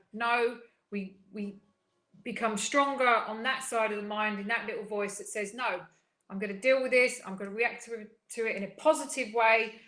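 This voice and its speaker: A woman's voice: medium pitch, fairly bright tone, echoey room. A woman co-hosting a casual live wellbeing show, upbeat and earnest, talking in long flowing runs. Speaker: co-host of a spiritual wellbeing show.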